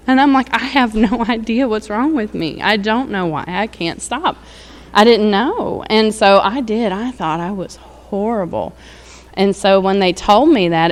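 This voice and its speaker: A woman, telling her personal recovery story in a candid, rambling way, with lots of fillers and laughs. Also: medium pitch. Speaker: recovery speaker. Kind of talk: personal testimony.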